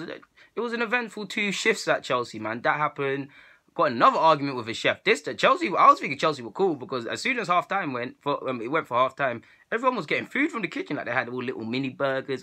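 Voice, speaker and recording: A young man, telling stories to camera in a casual, slangy, animated way. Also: a little high, quick pace. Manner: animated, slangy, laughs at his own stories. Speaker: vlogger.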